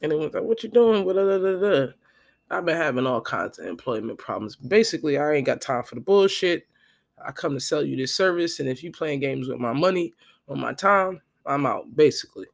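A podcast host telling a profane, animated story in a casual monologue, quoting the people in it. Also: male voice, on the high side, brisk, gravelly. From Florida.

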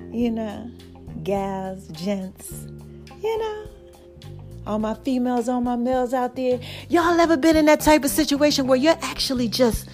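A podcast host with a high-pitched, darkish voice tells a story casually, chatting straight to her listeners. She keeps repeating "baby" and "okay."

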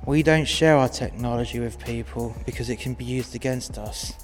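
A man putting on a soft, aloof grey alien. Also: medium pitch, normal speed, faint music behind, close to an everyday voice. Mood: detached.

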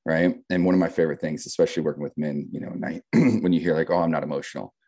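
A middle-aged man with a very low, deep voice talks in an easy podcast conversation. His tone is dark and mellow, and he explains his ideas reflectively, tagging his points with "right?". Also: level tone, racing. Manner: reflective, explains with metaphors, frequent "right?" tags.

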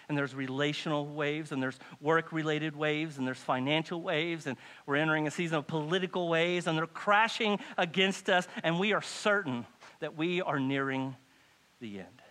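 A male pastor preaching a sermon to a congregation in a church, dropping to hushed lines and rising to loud pleading. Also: fairly high pitch.

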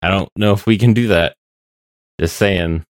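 A man co-hosting a casual podcast chat, rambling and hesitant with frequent pauses to find his words. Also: low-pitched, no echo, clean studio sound. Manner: rambling, hesitant, many fillers and restarts. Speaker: podcast co-host.

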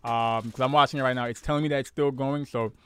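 A man's voice: mid-range voice, fairly even intonation, quick pace, clear, resonant tone. A young man, a DJ, hosting a casual livestream from his home studio, joking and keeping things moving. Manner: easygoing, joking, keeps the show moving. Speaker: DJ and podcast host.

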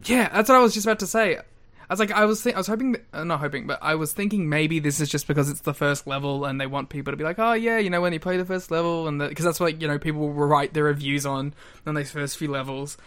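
A man's voice: fairly high pitch, fairly even intonation, fast talker, fairly bright tone. A man co-hosting a podcast in casual chat, laid-back with short, easygoing answers. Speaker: podcast co-host.

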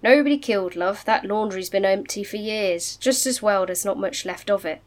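Woman putting on a northern English wartime father who shrugs off danger in a homely, plain-spoken way. Steady and reassuring, with a middle voice. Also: mid-range voice, normal speed, natural voice.

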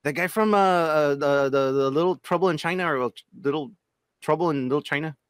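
A man's voice: fairly high pitch, a little fast, clear, resonant tone, no echo, clean studio sound. A man co-hosting a podcast, bantering casually, laughing often and swearing. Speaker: podcast co-host.

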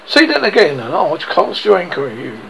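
A man's voice: sits high, sing-song, normal speed, vocal fry, noisy background, voice pushed up, heavily acted. A man voicing a proud, blustering pirate captain who is losing his nerve, with theatrical outbursts in an audiobook reading.

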